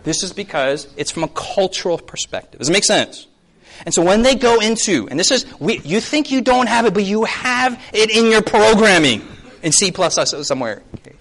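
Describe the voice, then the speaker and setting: A man in his thirties preaching a sermon as a pastor, keeps asking the audience yes or no, and acts out quick voices. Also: high-pitched, lively intonation, a bit bright. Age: 30s. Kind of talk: lively sermon to a congregation.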